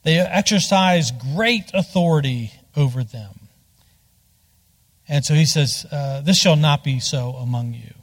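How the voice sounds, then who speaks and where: Man preaching in a reverberant hall. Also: a little slow. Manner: conversational, digressive, stresses words by rising in pitch. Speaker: pastor. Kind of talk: sermon.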